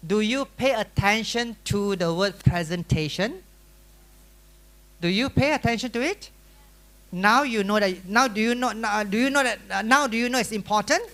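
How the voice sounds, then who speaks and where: A middle-aged man with a Malaysian English accent, giving a lively workshop lecture that is full of questions and teasing to a room of students. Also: high-pitched. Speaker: workshop teacher. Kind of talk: classroom lecture.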